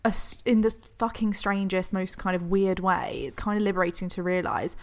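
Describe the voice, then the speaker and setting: A woman's voice: medium pitch, steady tone, brisk. Earnest, supportive woman co-host. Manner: earnest and supportive, swears casually. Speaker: podcast co-host. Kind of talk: casual chat.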